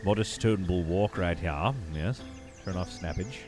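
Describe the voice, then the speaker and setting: A low-voiced man speaks at a measured pace while streaming a building game live, with game music playing underneath. He chats with his viewers and casually thinks out loud.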